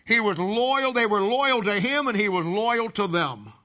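A man preaching a sermon, telling a Bible story in a folksy, animated way with casual army slang. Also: sits high, unhurried.

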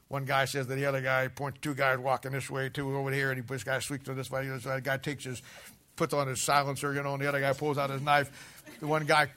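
Bright-voiced, animated male preacher. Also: mid-range voice, fast. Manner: animated, uses casual army slang. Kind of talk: sermon, folksy storytelling.

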